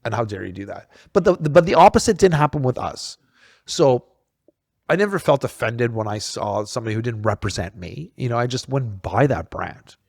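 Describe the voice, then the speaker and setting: Brief: blunt, rapid-fire male co-host, dry close sound, restarts a lot. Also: mid-range voice, expressive, vocal fry, darkish tone, dry recording. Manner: blunt, swears, many restarts and repeated words. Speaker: podcast co-host. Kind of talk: casual opinionated chat.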